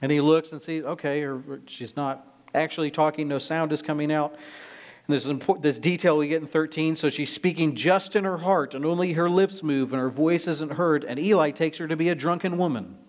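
A man's voice: on the high side, fairly even intonation, a little fast. A man preaching a sermon, explaining a scripture passage verse by verse with emphatic delivery. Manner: expository, emphatic, reads scripture aloud.

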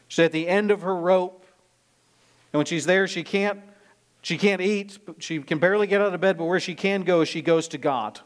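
A man with a high-pitched voice preaches a sermon at normal speed, reading scripture aloud and explaining the passage verse by verse. His expository delivery is emphatic.

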